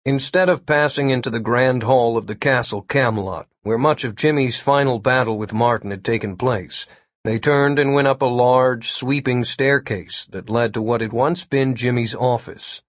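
A man reading an audiobook as narrator, with a steady storytelling delivery. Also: mid-range voice, moderate pace, dry recording, studio quality. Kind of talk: scripted narration.

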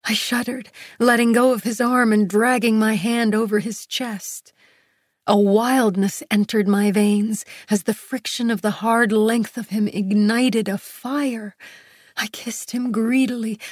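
A woman narrating a first-person romance audiobook in a soft, breathy, intimate way, close to the mic. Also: a little high, no echo.

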